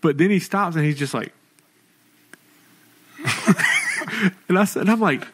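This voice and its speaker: A young man co-hosting a podcast, telling lively stories about his young son in casual chat. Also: on the high side, a little slow, slight background noise. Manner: animated storytelling, acting out his son. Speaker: podcast co-host.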